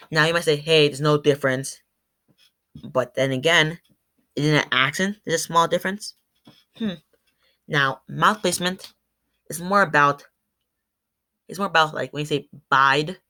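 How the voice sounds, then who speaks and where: A woman's voice sits low, sounding pushed and bright, as she gives a class presentation as a student. Saying example words aloud to show the sounds, she trips up occasionally and corrects herself.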